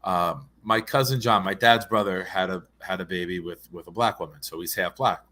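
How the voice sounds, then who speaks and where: Man, low-pitched but forceful tone; relaxed, joking co-host for a sports chat. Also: moderate pace. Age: adult with a young son. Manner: laid-back storyteller, jokey. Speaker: guest co-host. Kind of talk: casual sports talk.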